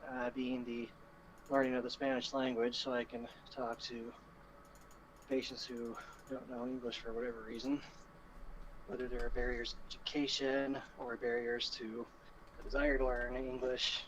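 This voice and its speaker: A young man with a mid-range voice talks casually about his board exams and plans. He lays out his opinions in a measured, patient way. The line is noisy, with keyboard typing audible behind him. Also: mid-range voice, little pitch movement, a bit bright. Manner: measured, explains his views at length. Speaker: medical student after board exams. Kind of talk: casual chat.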